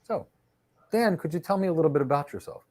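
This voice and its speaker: A fast, animated man with a fairly high voice coaches and interviews on a live stream. He talks with eager enthusiasm and slips into chatty anecdotes.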